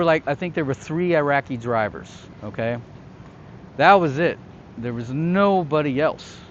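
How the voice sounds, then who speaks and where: A man's voice: fairly high pitch, slight background noise. A man hosting his own show, telling a personal story in a casual, conversational way and often checking in with the listener. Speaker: host recounting his past as a security contractor. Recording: slightly dull, lo-fi sound.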